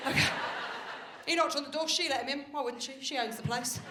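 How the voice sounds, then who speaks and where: Woman doing a stand-up set, high voice, chatty and sweary, echoey venue. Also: a little fast. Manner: chatty, confiding, swears casually. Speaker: stand-up comedian. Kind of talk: live stand-up routine. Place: comedy venue stage with live audience. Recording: roomy live venue with audience noise.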